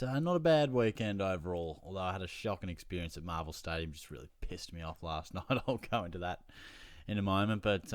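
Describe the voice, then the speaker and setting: A young Australian man hosting his own fantasy football show, telling a casual, animated story about his weekend and swearing freely along the way. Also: mid-range voice, no room sound, studio quality.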